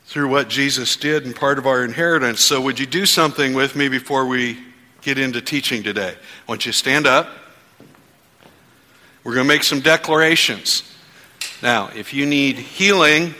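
A man's voice: mid-range voice, bright, forceful tone, in a large hall. A man preaching as pastor to his congregation, leading the room in fervent spoken declarations. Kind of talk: church sermon. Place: church sanctuary.

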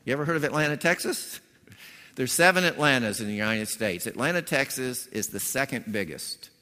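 Male preacher, lively storyteller who acts out scenes, bright forceful tone, big reverberant church sound. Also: medium pitch, fairly quick. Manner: animated storytelling, acting out voices with punchy emphasis. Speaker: pastor. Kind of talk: sermon. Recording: long hall reverb.

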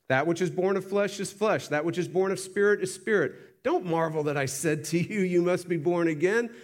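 A man preaching a sermon in church, reading scripture aloud and asking emphatic questions, swinging between loud and hushed delivery. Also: high voice, moderate pace, few pauses. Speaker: pastor. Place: church sanctuary.

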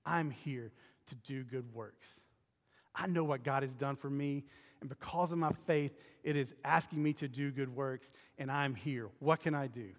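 A man's voice: medium pitch, normal speed, long reverb tail. A man preaching a sermon as pastor, in a conversational style that keeps asking the congregation questions.

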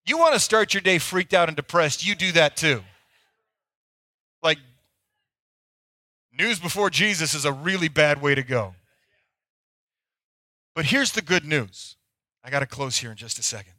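A man preaches to his church with a bright, slightly high voice, swinging between loud, pleading bursts and hushed, close-to-whisper moments. The sound is dry and close. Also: expressive, a little slow, pauses often, no echo. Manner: dynamic preaching, swinging from loud acted pleas to near-whispers. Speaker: pastor. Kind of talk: sermon.

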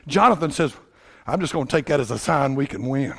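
A man from Tennessee, preaching a sermon in a folksy, animated storytelling way that swings up to shouting. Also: medium pitch, fairly quick, slightly rough.

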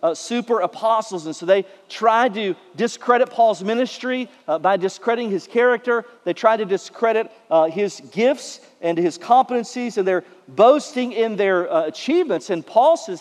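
High male pastor, conversational sermon, lots of uhs; long church-hall reverb. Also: animated, normal speed, hardly any pauses. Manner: conversational preaching with frequent filler uhs.

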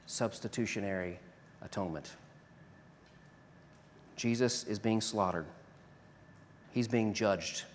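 A man's voice: on the low side, slow, long pauses, a little hiss or hum. Man preaching in an echoing hall. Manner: swings from loud emphatic preaching to hushed prayer. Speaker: pastor. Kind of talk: sermon and closing prayer. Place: church sanctuary. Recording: long reverb of a large hall.

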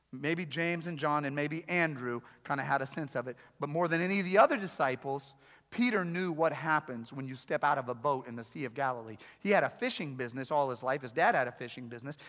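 A male pastor preaching an animated sermon, acting out voices and joking with the congregation. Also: a little high, brisk. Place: church sanctuary. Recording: live sermon with long hall reverb.

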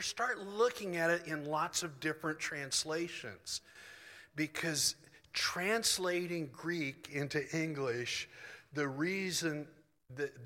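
A man's voice: fairly high pitch, bright, forceful tone. A middle-aged man preaching a sermon in a loose, conversational, self-deprecating way. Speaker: pastor. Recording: long hall reverb.

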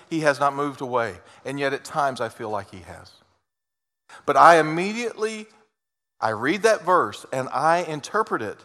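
Earnest male pastor in a reverberant hall. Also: mid-range voice. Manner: earnest, swings between loud emphasis and quiet intimate asides. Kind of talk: sermon.

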